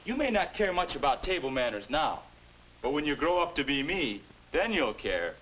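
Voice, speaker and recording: A man's voice: a little high, sing-song, normal speed, a bit bright, slight background noise, low-quality recording. An actor playing an earnest grown-up man lecturing a teenager on table manners in a 1950s educational film. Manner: earnest, instructive, moralizing. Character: prim adult man lecturing a teen on manners.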